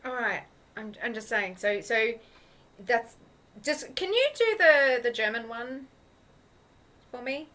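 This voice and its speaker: An eager young student who rambles and turns prickly when crossed, as a woman improvises her. Her voice is high and bright, with a lively edge that cuts through. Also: slow, long pauses, heavily acted. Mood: apologetic. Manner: rambling, playful. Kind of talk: improvised comedy scene.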